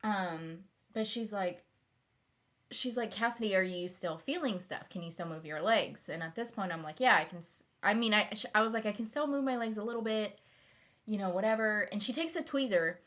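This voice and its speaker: A woman's voice: medium pitch, moderate pace, a bit bright. A young woman telling a long personal story in a casual vlog, rambling with fillers and restarts. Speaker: vlogger.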